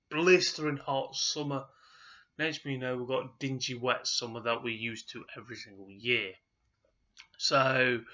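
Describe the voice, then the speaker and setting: A man giving a rambling, casual vlog update, his throat sounding rough and groggy. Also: mid-range voice, bright, forceful tone, muffled recording. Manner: rambling, with frequent restarts. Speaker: vlogger.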